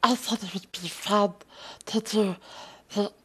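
A woman casually introducing a voice challenge in a husky voice. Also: medium pitch, fairly even intonation, measured pace.

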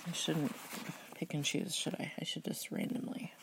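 A young woman with a Midwestern US accent, talking in a hushed, often half-whispered way with many hesitations, reading aloud and working through a word list. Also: low voice, normal speed, creaky, heavy background noise. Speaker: video host. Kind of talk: soft-spoken accent tag and book reading.

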